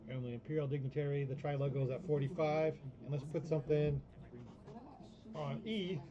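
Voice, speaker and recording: A man's voice: on the high side, fairly even intonation, normal speed, lo-fi sound, crowd noise. A man co-hosting a live auction stream, easygoing, greeting viewers and reading out bids. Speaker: auction co-host.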